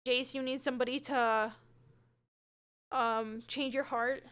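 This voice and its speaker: In an unhurried, steady, smooth and fairly bright high-pitched voice, a young woman chats casually while streaming a game. She's at home in her room with her cat, reading chat, hedging her replies, and naming the viewers she answers.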